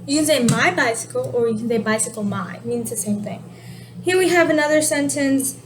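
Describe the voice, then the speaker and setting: Woman teacher, high voice, casual explainer, steady noise behind her. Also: brisk. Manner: explanatory, relaxed, self-correcting. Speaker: sign language teacher. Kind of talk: casual video lesson.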